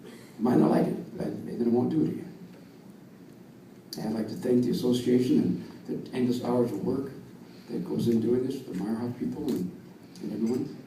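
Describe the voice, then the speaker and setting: Older American coach in an echoey hall. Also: male voice, medium pitch, moderate pace, warm tone. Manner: earnest, storytelling, emphatic repetition. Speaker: wrestling coach giving induction speech. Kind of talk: emotional speech at an awards dinner. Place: banquet hall with audience. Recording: distant, echoey hall with faint room noise.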